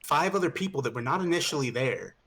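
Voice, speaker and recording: A man's voice: medium pitch, animated, fast talker, fairly bright tone, breathy edge. Young man, podcast co-host, rambling party storyteller, swearing, casual.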